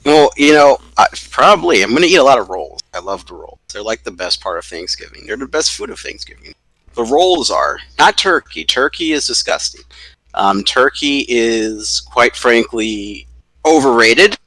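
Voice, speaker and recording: A man's voice: mid-range voice, sing-song, normal speed, bright, forceful tone, no echo, rough recording. A man co-hosting a podcast, chatting casually and ranting with profanity and emphasis. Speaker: podcast co-host. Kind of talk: casual chat.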